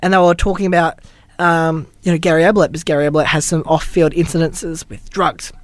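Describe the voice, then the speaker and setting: A man's voice: a little high, fairly even intonation, brisk, dry recording. A man, co-hosting a podcast and telling blunt stories in casual chat. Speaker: podcast co-host.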